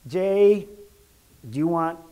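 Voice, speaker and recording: A man doing a squeaky, excited impression of a giddy grown man. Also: slow pace, clear, resonant tone, dull audio. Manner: excited, squeaky, wheedling offers. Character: giddy high-voiced adult man impression.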